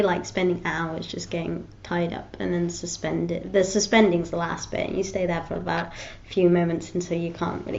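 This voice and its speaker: A woman's voice: lowish voice, gravelly, a little mellow, lo-fi sound, a little hiss or hum. A woman vlogger chatting casually to her viewers, rambling and restarting her sentences with frequent giggles. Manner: rambling, giggly, self-interrupting. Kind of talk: casual chat to camera.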